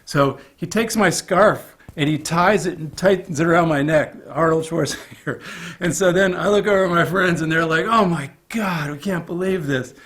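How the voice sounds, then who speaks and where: A man in an interview, telling a behind-the-scenes story in a casual, animated way and acting out other people's lines. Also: on the high side, normal speed. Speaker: film crew member recalling a production.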